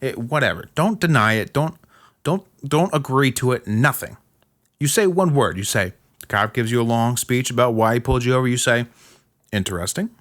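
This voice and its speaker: A man's voice: medium pitch, brisk, a bit bright. A man hosting a podcast, giving blunt, emphatic step-by-step advice in a casual monologue. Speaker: podcast host.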